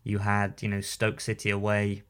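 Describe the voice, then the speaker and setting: A man co-hosting a podcast in casual chat, talking haltingly with many restarts and repeated words. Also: on the low side, monotone, fairly bright tone, clean tone. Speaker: podcast co-host, newspaper writer.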